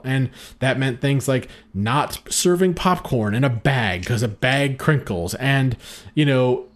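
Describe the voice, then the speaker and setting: A man co-hosting a podcast in casual chat, rambling and swearing freely. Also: mid-range voice. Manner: rambling, profane, self-deprecating. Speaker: podcast co-host.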